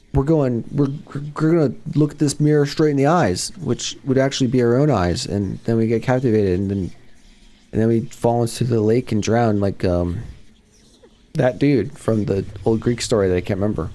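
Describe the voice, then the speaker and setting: A man casually talking through a spooky game as a gaming channel host, rambling and reacting excitedly. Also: mid-range voice, fairly quick, vocal fry. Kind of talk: casual let's-play commentary.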